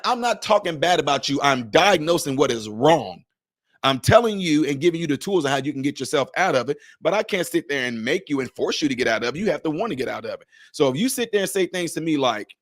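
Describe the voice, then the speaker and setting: A man's voice: fairly high pitch, lively intonation, fast talker, no room sound, studio quality. A man in his forties hosting a live stream, giving impassioned, preachy commentary full of rhetorical questions. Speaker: livestream host and commentator.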